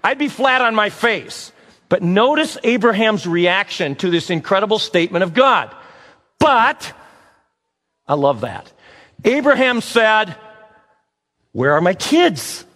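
A man preaching a sermon to a live audience, telling stories and acting out the dialogue with lively energy. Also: high-pitched, measured pace, in a large hall. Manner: animated, acts out dialogue, talks to the audience. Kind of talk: sermon with storytelling.

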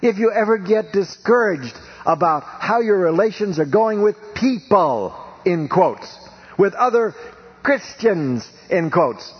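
Husky preacher on an old broadcast. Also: male voice, expressive, takes it slowly. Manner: emphatic, rhythmic preaching with wide swings in pitch and volume. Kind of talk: sermon. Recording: dull lo-fi radio broadcast.

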